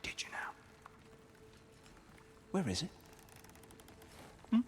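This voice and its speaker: A man's voice: takes it slowly, a little mellow, whispered, lightly acted. An actor playing a proud, wary male god leading rebels, with a mocking, sardonic manner. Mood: menacing.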